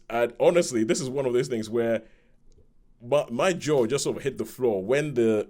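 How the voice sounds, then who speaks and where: A man reviewing a film on a podcast in casual chat, retelling the story in a rambling, animated way. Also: medium pitch.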